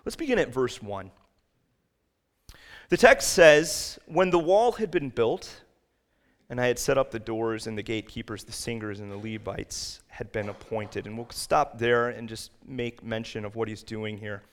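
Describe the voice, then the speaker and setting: A man preaching a sermon to his congregation, rising to loud, emphatic peaks when he reads scripture and quotes. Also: lowish voice, fairly even intonation, moderate pace, hardly any pauses. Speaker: pastor. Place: church sanctuary.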